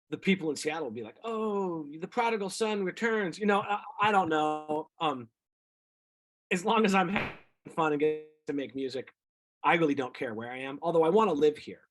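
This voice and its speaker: A middle-aged singer-songwriter telling rambling, animated stories about his music career in a casual interview. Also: a little high, normal speed. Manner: rambling, animated anecdotes with quoted voices.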